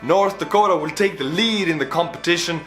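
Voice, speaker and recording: An Estonian man with an Estonian accent, a native Estonian speaker, giving animated, casual reaction commentary in English. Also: a little high, a little fast, faint music behind. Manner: animated, exclaiming, laughing. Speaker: YouTuber reacting to a video.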